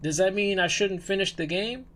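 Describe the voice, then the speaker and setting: A man's voice: high-pitched, normal speed, a bit bright. A young man chatting casually on his livestream as a VTuber, rambling and conversational. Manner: rambling, conversational, with frequent restarts and fillers. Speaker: VTuber streamer.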